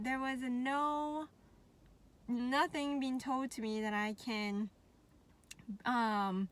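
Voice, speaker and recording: A woman vlogging casually to her viewers, chatty and animated, laughing often and a little out of breath. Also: sits high. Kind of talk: casual talk to camera.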